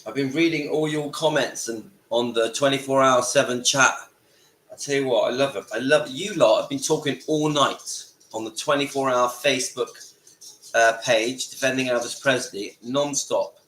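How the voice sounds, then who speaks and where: A man with a croaky voice from a cold, hosting a casual livestream from home and greeting viewers by name. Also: medium pitch, steady tone, normal speed, a bit bright, a little hiss or hum. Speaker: livestream host. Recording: echoey room with faint ambience.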